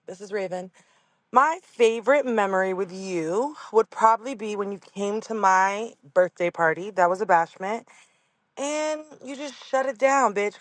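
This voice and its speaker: A woman's voice: medium pitch, no echo. A woman leaving a playful, slangy birthday voicemail for a friend.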